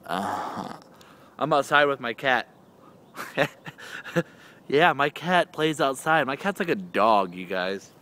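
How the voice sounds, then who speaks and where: A man rambles through a casual vlog recorded outside in his yard. His talk is loose and goofy, and now and then his voice jumps up high and excited when he calls to his cat. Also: slow pace, pauses often. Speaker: vlogger. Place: outdoors in a yard.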